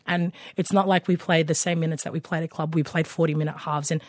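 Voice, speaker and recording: A woman's voice: low voice, steady tone, quick pace, no room sound, clean studio sound. A woman, co-hosting a casual radio sports chat, talking with many fillers and restarts. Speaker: co-host.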